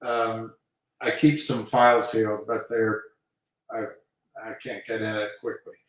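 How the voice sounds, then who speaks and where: A man's voice: lowish voice, level tone, measured pace. A man hosting a live stream, rambling hesitantly with many fillers. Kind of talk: casual rambling talk. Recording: very echoey room, mic far off.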